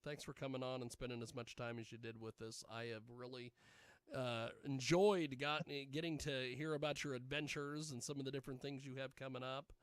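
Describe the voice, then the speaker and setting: A man's voice: medium pitch, steady tone, fairly quick, clean tone, dry recording, studio quality. A man hosting a live radio-style show, rambling casually and tossing jokey asides to himself.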